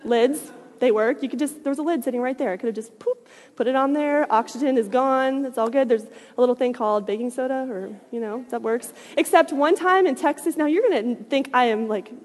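A young woman with a high voice tells an animated personal story, laughing often and swinging between loud bursts and hushed asides. Her voice carries a long, trailing reverb. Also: fairly quick.

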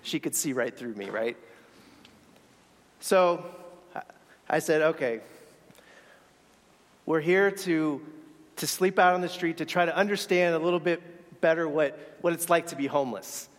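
An earnest man tells a reflective story from the pulpit, his voice sitting a little higher than most men's. He sometimes stumbles and restarts his words. The sound carries a long hall reverb. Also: measured pace, pauses often. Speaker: speaker sharing a faith story. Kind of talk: sermon storytelling.

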